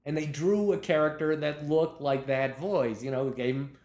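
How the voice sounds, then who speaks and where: A man, a television comedy writer, telling behind-the-scenes anecdotes in a lively way, laughing as he talks and acting out what people said. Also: a little high, moderate pace, reverberant. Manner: lively storyteller, laughs while talking, acts out quotes.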